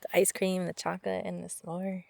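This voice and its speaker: A woman's voice: fairly low pitch, level tone, moderate pace, vocal fry, darkish tone, low-quality recording. A young woman, a travel vlogger, chatting casually and upbeat at a campsite, often laughing. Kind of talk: casual chat.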